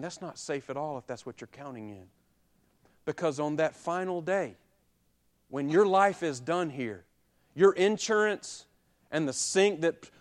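A man preaching a sermon, building to loud peaks and dropping low and quiet, with repeated rhetorical questions to the congregation. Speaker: pastor.

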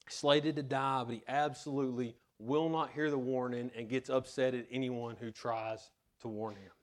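A man preaching a sermon to his church in an earnest way, reading scripture and telling a personal story. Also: medium pitch. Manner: earnest, tells personal anecdotes. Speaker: pastor.

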